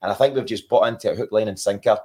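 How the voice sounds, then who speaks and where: A man hosting a casual football podcast, asking his guests questions. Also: on the low side. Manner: quick, animated, asks questions. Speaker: podcast host.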